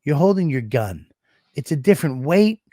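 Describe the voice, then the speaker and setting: A man's voice: on the high side, sing-song, normal speed, dark tone, no echo, clean studio sound. A man co-hosting a podcast in casual chat, profane and rambling with frequent restarts. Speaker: podcast co-host.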